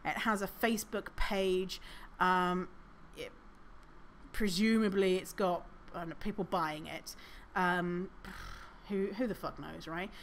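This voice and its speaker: A woman's voice: fairly low pitch, fairly even intonation, unhurried, slight background noise. A woman hosting her own podcast, chatting casually, reading reviews aloud with sarcasm and frequent swearing and laughter. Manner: laughs often, chatty with many fillers. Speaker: podcast host. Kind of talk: casual solo podcast commentary.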